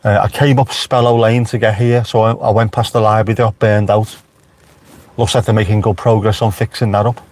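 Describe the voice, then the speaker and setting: A man's voice: lowish voice, flat delivery, a little fast, a little mellow. A man with a Liverpool accent, chatting casually on a live stream from inside his car with wry asides to viewers. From Merseyside, England. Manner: chatty, wry, talks back to live chat.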